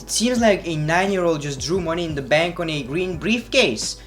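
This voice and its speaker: A man's voice: a little high, expressive, normal speed, a bit bright. A man reviewing wrestling in a blunt, sarcastic, profane way, casual vlog style.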